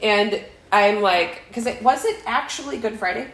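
A woman's voice: medium pitch, normal speed, reverberant, rough recording. A middle-aged woman telling a family story in casual chat, acting out quotes with laughter. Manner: animated, acts out quotes with laughter.

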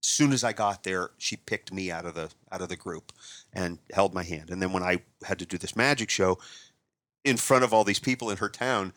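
A man's voice: sits low, fairly quick, no echo. A man from Northeast Ohio, a magician, telling stories in a casual interview with jokey asides. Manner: animated storyteller, jokey asides. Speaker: magician guest.

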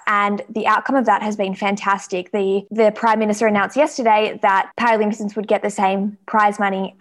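A woman with a mid-range voice reads a news-style report in a clear, measured way. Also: mid-range voice.

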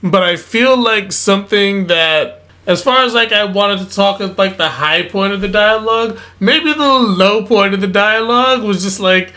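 A man's voice: high-pitched, pushed and bright. A man in his twenties co-hosting a podcast, chatting casually with enthusiastic jokes. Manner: enthusiastic, jokey, drawn-out phrasing. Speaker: podcast co-host. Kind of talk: casual chat.

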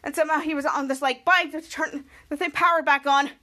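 A woman hosting a podcast, recapping a TV episode in a rambling, repetitive way and loudly acting out the quotes. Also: high voice, steady tone, a little fast. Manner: rambling, repeats herself, acts out quotes loudly. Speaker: podcast host.

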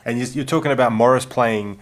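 Jokey podcast host. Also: male voice, mid-range voice, fairly quick, a little hiss or hum. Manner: jokey, teasing. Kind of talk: casual podcast hosting.

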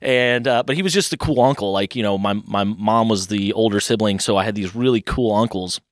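Fast-talking man telling stories. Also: on the low side, no echo, clean studio sound. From Louisville, Kentucky. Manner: chatty, rambling, animated voices for quoted people. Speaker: podcast guest, artist. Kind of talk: casual interview storytelling.

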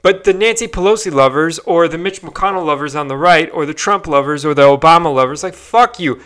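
High, bright, ranting profane man. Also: brisk, few pauses. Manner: profane, frustrated ranting with frequent fillers and restarts. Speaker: podcast host. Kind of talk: solo rant podcast.

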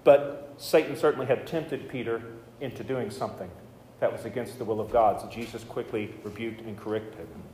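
A man's voice: on the low side, fairly even intonation, normal speed, darkish tone. A male pastor preaching a sermon in a conversational way, with joking asides. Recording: echoey hall with faint noise.

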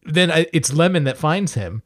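A man co-hosting a casual movie review podcast, laughing often as he retells scenes with animated energy. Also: a little high, moderate pace. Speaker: podcast co-host.

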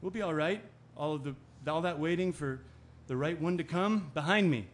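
A man's voice: on the high side, normal speed, slight background noise, lightly acted. An actor playing an anxious man, speaking an inner monologue that turns brooding and angry. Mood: tender. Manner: brooding, bursts into anger. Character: anxious man whose partner is ill. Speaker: Ben's partner. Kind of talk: audio drama acting, inner monologue.

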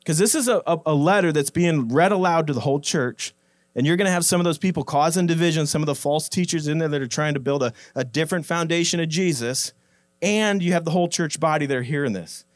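High-voiced man preaching conversationally. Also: no room sound, studio quality. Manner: conversational, repeats words, emphatic slow quoting of scripture. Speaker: pastor. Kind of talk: sermon.

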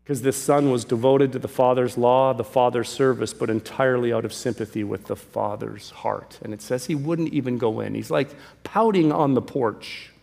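Gravelly-voiced man preaching in a hall. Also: mid-range voice, moderate pace, few pauses. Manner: emphatic, swinging from loud calls to hushed pleas. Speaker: pastor. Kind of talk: sermon. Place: church sanctuary. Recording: long reverb of a large hall.

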